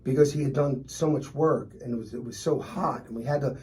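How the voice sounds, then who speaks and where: A man's voice: mid-range voice, a little fast. A middle-aged man, telling stories in a casual interview as a restaurant owner and guest, acting out the customers he describes. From Philadelphia. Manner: animated, acts out customers in his stories.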